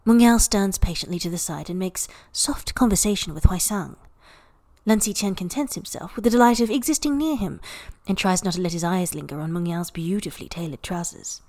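A woman narrating a story for a podfic in even, unhurried storytelling. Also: on the low side. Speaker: podfic reader. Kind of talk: scripted narration.

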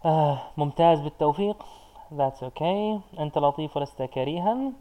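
Mellow, halting male language teacher. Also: a little high, lively intonation, low-quality recording. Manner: patient, halting explanations with frequent "uh" fillers. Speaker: Arabic teacher. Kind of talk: live online lesson answering chat comments.

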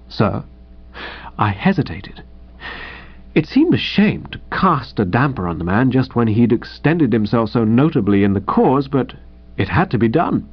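A man narrating an audiobook in a wry, chatty first-person voice with a lively, swinging pitch. The sound is muffled and lo-fi. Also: a little slow. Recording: dull lo-fi audio.

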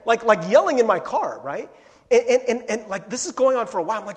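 In a church sanctuary with long hall reverb, a middle-aged male pastor gives a casual storytelling sermon in a very high, sing-song voice at a fast clip. He chats and laughs, erupting into yells as he retells his own anecdotes.

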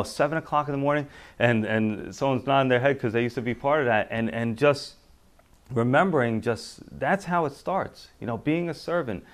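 A man preaching a sermon, talking conversationally and getting louder when he reads scripture aloud. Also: medium pitch. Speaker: pastor.

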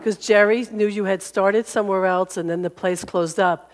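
A woman's voice: medium pitch, fairly even intonation, moderate pace. A woman minister leading a sharing time, telling a story in a chatty, laughing manner. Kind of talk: warm informal church address. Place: church service.

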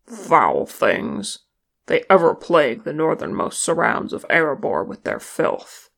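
Woman reading a blunt dwarf man, gravelly and low, slow. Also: big pitch swings, a bit bright, exaggerated voice. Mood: gruff. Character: gruff male dwarf warrior, blunt.

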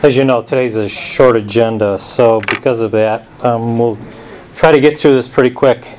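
Male administrator, mid pitch, relaxed casual talk, faint background hum. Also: moderate pace. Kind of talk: casual meeting address.

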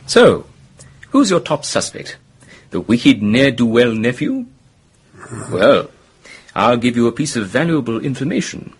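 A charming, flippant young gentleman. His voice is very husky, and his intonation leaps widely as he performs his stories with mocking theatrics. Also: medium pitch, sing-song, measured pace, pauses often, heavily acted. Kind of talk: radio drama acting.

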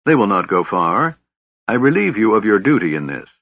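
A man's voice: fairly low pitch, very animated, normal speed, husky, no echo, exaggerated voice. A man voicing a cold, imperious, masked human warlord who commands dragons, in an audiobook. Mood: stern commanding. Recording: dull lo-fi audiobook recording.

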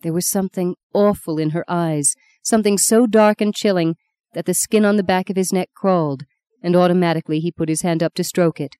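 A woman narrating a novel in a steady, unhurried storytelling voice. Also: on the low side, smooth, dry recording, studio quality. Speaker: audiobook narrator. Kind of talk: scripted narration.

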